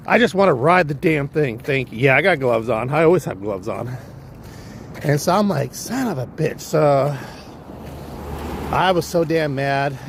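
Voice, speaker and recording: Californian guy rambling on his vlog stream, cussing a lot, faint traffic noise in the back. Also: a little high. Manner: rambling, profane, animated storyteller. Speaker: livestream vlogger. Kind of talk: casual storytelling chat.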